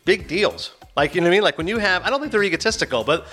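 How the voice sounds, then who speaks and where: A male podcast host in casual chat, animated and quick to mimic movie lines. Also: sits high, soft background music.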